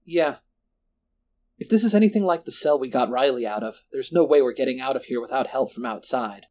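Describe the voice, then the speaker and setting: A man's voice: mid-range voice, animated, a little fast, a little mellow, natural voice. A man voicing a frightened teenage girl who talks urgently and swears bluntly. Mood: urgent worried.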